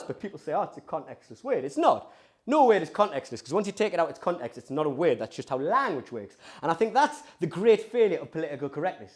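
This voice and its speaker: A man with a Geordie accent doing stand-up comedy, talking in a lively, provocative, conversational way. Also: a little high.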